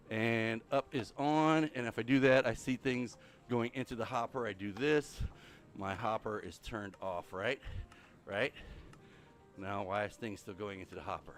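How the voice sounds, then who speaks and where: An older man hosts a casual Minecraft livestream while walking on a treadmill, out of breath as he rambles and thinks aloud to his viewers. His voice is medium-pitched and a little slow, with soft music in the background.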